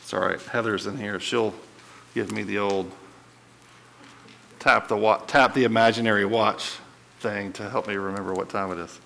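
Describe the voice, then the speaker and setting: A lowish, gravelly-voiced man teaches a Bible study at normal speed, pausing often and keeping the tone conversational as he checks in with listeners. He's animated, his voice rising to stress points. The recording is rough.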